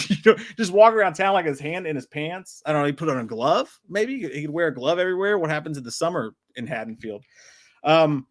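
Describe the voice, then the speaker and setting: A man's voice: a little high, lively intonation, fairly quick. A man co-hosting a live movie stream in a casual, profane, laughing chat style. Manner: profane, laid-back, laughs often. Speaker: podcast co-host.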